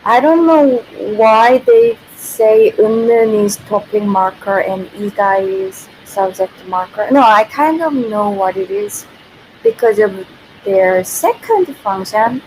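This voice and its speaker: Slow-talking Korean woman teaching grammar. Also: mid-range voice, lively intonation, darkish tone, poor audio. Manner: chatty, laughs often, reads viewer comments. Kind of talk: casual livestream lesson. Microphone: built-in computer mic. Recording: faint background noise, built-in mic.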